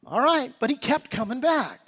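A man preaching a sermon as pastor, telling a casual, slangy personal story and ending in an earnest, softer appeal. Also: very high voice, very animated, moderate pace, husky.

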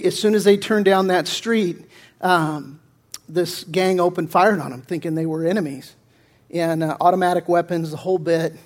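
A male pastor preaching a conversational sermon that mixes jokes into the teaching, talking with lots of fillers and restarts. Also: sits high.

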